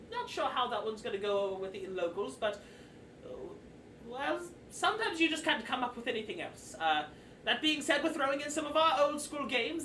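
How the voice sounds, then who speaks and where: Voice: mid-range voice, sharp tone, voice pushed up. A game master voicing a weary, aging male carnival master who announces the day's events to his staff in a showman's manner. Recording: roomy distant mic with faint noise.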